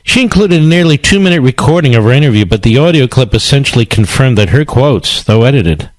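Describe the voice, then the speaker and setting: A man's voice: mid-range voice, animated, fairly quick, no echo, poor audio. A male radio talk show host delivering a combative, sarcastic political monologue with emphatic repetition.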